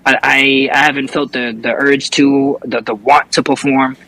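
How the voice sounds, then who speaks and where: A man's voice: mid-range voice, flat delivery, moderate pace, sharp tone, no room sound, poor audio. A young man, a rapper telling a story as an interview guest in casual chat, cursing often and restarting his sentences. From New York.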